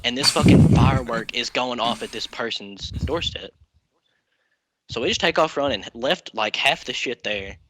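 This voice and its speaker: A young man with a bright, sharp voice tears through a prank story at speed, cursing freely and piling on the details. His pitch is ordinary and his energy is high. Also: slight background noise, rough recording. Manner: fast, swearing, excitable. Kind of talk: casual storytelling.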